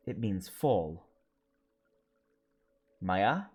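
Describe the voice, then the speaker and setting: A man streaming a story game, reading the lines of several characters aloud and slowly sounding out invented words. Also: on the low side, expressive, a little mellow, soft background music.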